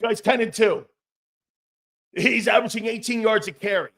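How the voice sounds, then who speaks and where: Blunt, high-voiced sports talk host. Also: male voice, steady tone, moderate pace, vocal fry, a bit bright. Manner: blunt, profane, mocking put-on voices.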